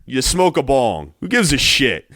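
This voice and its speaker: A man's voice: medium pitch, sing-song, unhurried, fairly bright tone, dry recording, clean studio sound. A man co-hosting a casual sports podcast, blunt and mocking, with frequent swearing. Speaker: podcast co-host.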